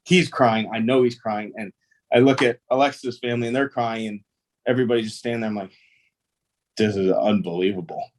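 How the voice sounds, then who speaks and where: He's a young professional baseball player and an interview guest, talking a little fast with a fairly low pitch and fairly even intonation. The conversation is casual, and he rambles through his stories in an easygoing manner with many fillers.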